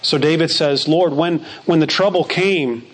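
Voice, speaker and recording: A man's voice: a little high, a little slow. A man preaching a sermon who reads scripture verses aloud and repeats phrases for emphasis.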